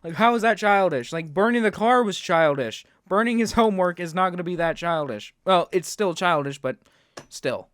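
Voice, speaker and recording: A man's voice: high voice, lively intonation, moderate pace, a bit bright, smooth. Sarcastic young man ranting. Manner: sarcastic, ranting, mocks with put-on quotes. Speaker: reaction video host. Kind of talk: reaction commentary.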